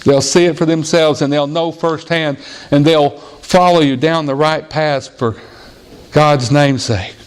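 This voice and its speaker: A man's voice: fairly even intonation, measured pace, clean tone. Male pastor preaching in earnest. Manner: storytelling, plain earnest preaching; jumps to a high child's voice when quoting a boy. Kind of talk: sermon. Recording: audio-only church sermon recording.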